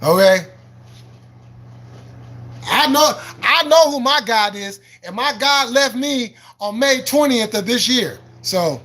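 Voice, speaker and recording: A man with a very high, bright voice rants on his livestream, swearing freely and answering viewers in the chat. He argues in a combative, preachy way, repeats himself and breaks into laughs between points. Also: lively intonation, slow pace. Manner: preachy and argumentative, quoting scripture. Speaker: livestream host. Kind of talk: live-stream rant answering chat.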